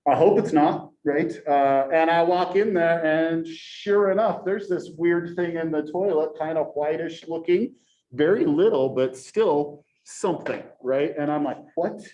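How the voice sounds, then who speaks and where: A man in his forties, a college professor, telling a story to his class in a chatty, animated way and tagging nearly every sentence with a rhetorical question. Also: fairly high pitch, unhurried, dull audio. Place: lecture classroom. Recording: echoey classroom recording.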